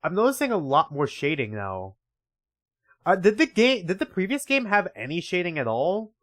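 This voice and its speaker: A man's voice: high voice, huge pitch swings, normal speed, a bit bright. A young man streaming a game, chatting casually, swearing freely and reading the story aloud.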